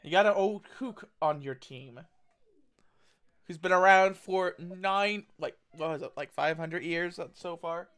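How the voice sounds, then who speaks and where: A man's voice: high voice, unhurried, a bit bright, clear, resonant tone. A man playing a tabletop role-play game, joking around and laughing often. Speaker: player.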